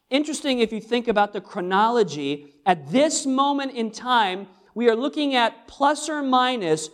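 A man, a pastor, preaching a sermon in a church, earnest and emphatic, repeating phrases and asking rhetorical questions. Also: high-pitched.

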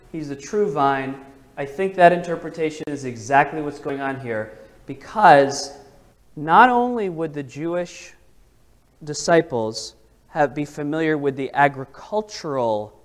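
A man leading an interactive Bible study, talking casually and asking the group questions. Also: on the high side. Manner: conversational, asks the group questions.

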